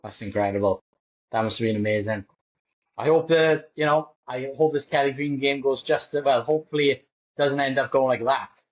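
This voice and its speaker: A man chats easily on a sports podcast, often pausing and filling gaps. His pitch is mid for a man, and the recording sounds dull and lo-fi. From Wales. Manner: easygoing, hesitant, many fillers. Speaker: podcast co-host. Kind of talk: casual sports podcast chat. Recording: dull lo-fi audio.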